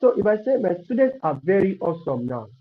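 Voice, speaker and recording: Male coding tutor, higher voice, repeats lines, cheers students on, muffled stream audio. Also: sing-song, fast talker. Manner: repetitive, encouraging, thinks aloud while typing. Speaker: coding instructor. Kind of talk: live online coding lesson.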